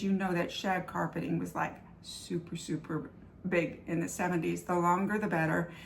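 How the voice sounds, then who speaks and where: Older woman vlogger, gravelly and a bit low, earnest storyteller, faint hiss behind her. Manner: animated, earnest storytelling that acts out quoted lines. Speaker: vlogger sharing faith-based recovery stories. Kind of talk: personal storytelling.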